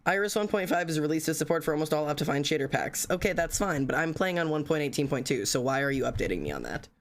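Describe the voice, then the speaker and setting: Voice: medium pitch, lively intonation, fast. A tired streamer, chatting casually on a live stream, rambling, joking and swearing a lot. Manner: profane, rambling, jokey.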